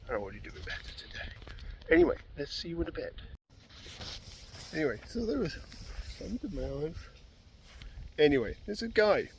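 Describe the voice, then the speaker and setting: Chatty angler outdoors. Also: male voice, a little high, sing-song, moderate pace, creaky, pauses often, muffled recording, slight background noise. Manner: chatty, rambling, easygoing. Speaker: angler vlogger. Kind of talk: casual fishing vlog. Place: outdoors at a fishing pool.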